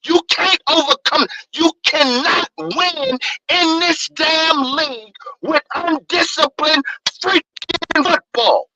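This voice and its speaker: A man's voice: very high voice, slow pace, pushed and bright, rough recording. Stammering furious man ranting. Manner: angry, stammering, repeats words. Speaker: caller. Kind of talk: heated sports call-in rant.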